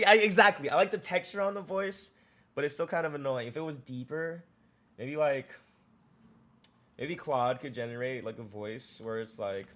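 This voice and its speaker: A man streaming live, chatting casually and excitedly, often repeating and restarting his words. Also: mid-range voice.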